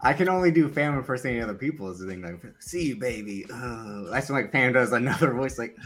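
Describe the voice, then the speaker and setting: A man's voice: medium pitch, expressive, quick pace, a bit bright. A man co-hosting a podcast in casual chat, calling himself the stat man and recounting old details. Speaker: podcast co-host.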